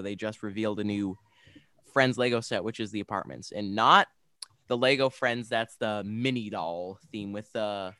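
A man's voice: on the low side, a bit bright, no room sound, clean studio sound. A young man co-hosting a casual podcast, talking enthusiastically and rambling with frequent restarts. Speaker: podcast co-host. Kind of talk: casual podcast chat about games.

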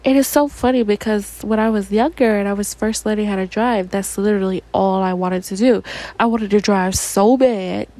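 A woman's voice: mid-range voice, steady tone, moderate pace, dark tone, no room sound, rough recording. A young woman with an American accent hosting a solo podcast, talking in a loose, rambling way with lots of "like" as a filler. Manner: rambling, chatty, heavy use of "like". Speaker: podcast host. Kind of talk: casual solo podcast chat.

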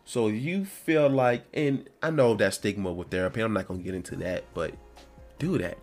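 A man's voice: on the low side, normal speed, a little mellow, soft background music. A man hosting his own show, talking in a casual, rambling and heartfelt way from home. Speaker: podcast host. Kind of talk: casual solo talk.

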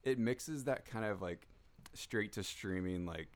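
A man co-hosting a podcast in casual chat, rambling with lots of restarts and quick laughs. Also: fairly low pitch, smooth. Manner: rambling, many fillers and restarts, laughs a lot. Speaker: podcast co-host.

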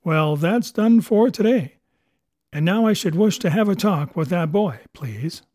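A man voicing a fearless, educated ship's doctor who talks crisply and scolds dryly. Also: high voice, animated, unhurried, dark tone, no echo, studio quality. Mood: scolding. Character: brisk, fearless male ship's doctor, gentleman.

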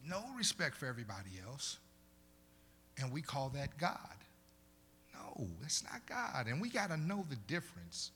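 A male pastor preaching a sermon, moving between loud preaching and soft conversational storytelling and repeating phrases for emphasis. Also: medium pitch, very animated, moderate pace, slight background noise. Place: church.

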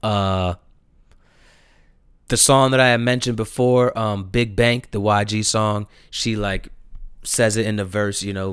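A young man with a New Jersey accent rants in slangy, profane street talk. His voice is smooth and resonant, recorded close and dry. He drops to low mutters, then jumps to loud, exasperated outbursts. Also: moderate pace, no room sound. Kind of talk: casual opinion rant.

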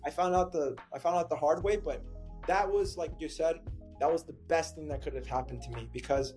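A man's voice: on the high side, a little fast, soft background music. A man who works as a dating coach, telling a story in a casual podcast chat with lots of fillers. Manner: animated, filler-heavy storytelling.

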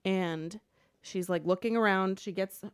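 A woman co-hosting a casual chat, retelling a book plot as an animated rant that is full of swearing. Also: medium pitch, unhurried, clear, resonant tone, no room sound, studio quality. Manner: animated ranting storyteller, swears freely.

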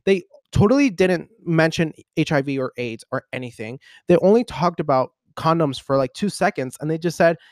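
A man in his twenties hosting a podcast, telling a personal story in a casual, animated, rambling way with lots of fillers. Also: on the high side, moderate pace, hardly any pauses, no echo, clean studio sound. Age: 20s. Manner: animated, rambling, heavy use of "like". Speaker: podcast host.

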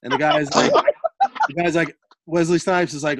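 A man's voice: fairly high pitch, fairly even intonation, normal speed, pauses often, fairly bright tone, no room sound. A man in a casual chat, retelling a scene in a rambling way with many fillers.

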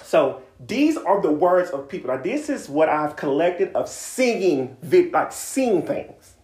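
A woman's voice: fairly low pitch, very animated, a little slow, mellow, reverberant. A woman co-hosting a podcast, ranting bluntly and sarcastically with plenty of swearing. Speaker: podcast co-host. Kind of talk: casual profane rant.

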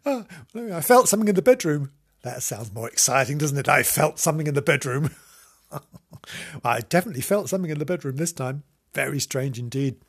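Host rambling on solo, giggly and theatrical, bit husky, voice bouncing all over. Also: mid-range voice. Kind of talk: rambling comic monologue.

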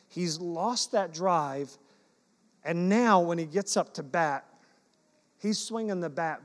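A high-voiced male pastor shares personal stories from the pulpit, mixing playful self-mockery with earnest exhortation. His voice carries a long reverb from the church sanctuary. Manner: storytelling, animated, self-deprecating humor.

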